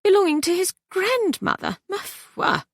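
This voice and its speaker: A woman's voice: extremely high pitch, wildly swooping pitch, unhurried, no echo, clean studio sound, pitched above the performer's own voice, heavily acted. A woman voicing a haughty society mother, who speaks sharply and disapprovingly.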